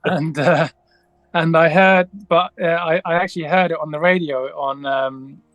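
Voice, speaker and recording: A man's voice: on the high side, steady tone, moderate pace, a bit bright, no echo, lo-fi sound. A man, a guest musician, telling a long story in a casual interview, rambling with many restarts and acting out the dialogue.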